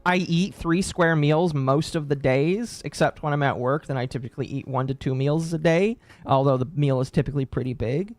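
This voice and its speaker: A man's voice: a little high, moderate pace, hardly any pauses, a little mellow, no room sound. A man in his late twenties, casually chatting on a stream and answering chat, rambling and correcting himself as he goes. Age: late 20s. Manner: rambling, self-correcting, chuckling.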